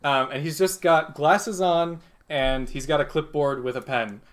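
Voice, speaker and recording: A man's voice: on the high side, measured pace, a bit bright. A man narrating a tabletop game as game master, casual and laughing, with many fillers.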